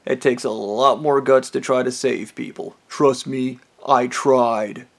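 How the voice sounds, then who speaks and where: A man's voice: mid-range voice, fairly even intonation, takes it slowly, gravelly. A man ranting bitterly in a rambling personal monologue, swearing often and mocking the people he blames. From United States. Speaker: vlogger. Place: trailer park home.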